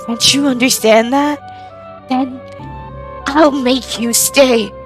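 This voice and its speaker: A woman voicing a clingy, possessive young woman in a game, pleading in a drawn-out way. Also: high-pitched, fairly even intonation, soft background music, pitched above the performer's own voice.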